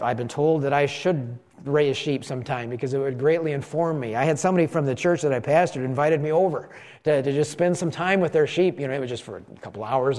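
A middle-aged man, a pastor, preaching a conversational sermon, slowing down for emphasis and having the congregation repeat lines with him. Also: fairly high pitch.

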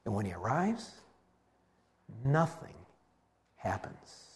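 A man preaching a sermon, telling Bible stories with animated delivery and acting out the voices of the people in them. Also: medium pitch, takes it slowly. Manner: animated storytelling, acts out voices of biblical figures.

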